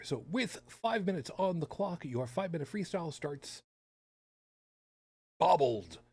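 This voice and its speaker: A man's voice: medium pitch, a little mellow, husky. A man hosting a podcast in casual chat, talking with sarcastic, rambling asides. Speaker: podcast host.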